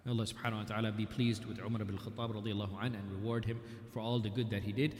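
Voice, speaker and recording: A man's voice: lowish voice, little pitch movement, very fast, darkish tone. A man giving a weekly religious history lecture, retelling events through quoted dialogue and recited scripture. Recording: echoey hall with long reverb.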